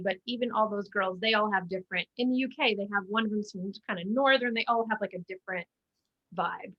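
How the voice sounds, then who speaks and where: Woman, casual interview guest, chatty, lots of fillers and restarts, mid pitch, slightly muffled recording. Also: fairly quick. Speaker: guest, musical theater actor.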